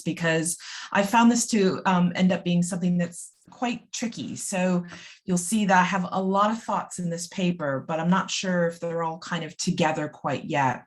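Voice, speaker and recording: A woman presenting an academic conference paper over a video call, thoughtful and hesitant, with frequent ums. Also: lowish voice.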